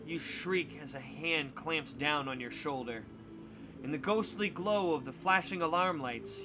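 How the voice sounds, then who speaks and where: A man reading a spooky choose-your-path book aloud with dramatic, expressive narration. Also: a little high, background noise. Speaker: storybook reader on a stream.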